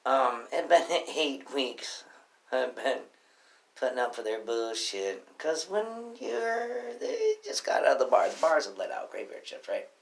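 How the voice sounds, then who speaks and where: A young man telling a personal story in a casual, rambling way, swearing often and filling pauses. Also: medium pitch, huge pitch swings, vocal fry. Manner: profane, rambling, full of fillers.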